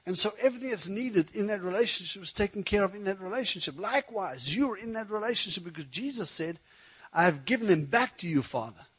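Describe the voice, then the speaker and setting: A man preaching a sermon, telling a personal story in a conversational, animated way. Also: high-pitched, fast, husky, low-quality recording.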